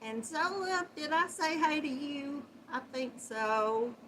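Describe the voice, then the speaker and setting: Chatty woman, lively high voice. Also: slow, a little hiss or hum. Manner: warm Southern endearments, chatty, laughs often. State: runny nose. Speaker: livestream host greeting viewers. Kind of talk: casual live chat.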